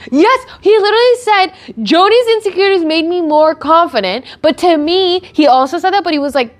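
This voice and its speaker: A young woman with a slightly high voice chats casually on a livestream. She retells a story with animated energy, laughing often and leaning on filler words. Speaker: streamer. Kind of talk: casual chat answering chat questions.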